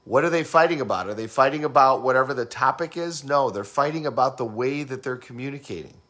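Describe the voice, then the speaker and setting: A man in a casual teaching talk who explains communication styles, asks the listener questions and acts out fast and slow talkers. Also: mid-range voice, bright, forceful tone.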